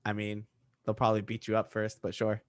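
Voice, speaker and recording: A man's voice: fairly low pitch, monotone, fairly quick, no room sound, clean studio sound. A young man from Orlando co-hosting a sports podcast, arguing his points with playful ribbing. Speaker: podcast co-host. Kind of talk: casual sports debate.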